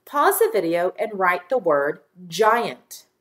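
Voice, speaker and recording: A woman teacher giving a recorded phonics lesson for young children, speaking slowly and clearly as she sounds out words and spells them letter by letter. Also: fairly low pitch, sing-song. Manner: slow, clear, patient instruction, sounding out words.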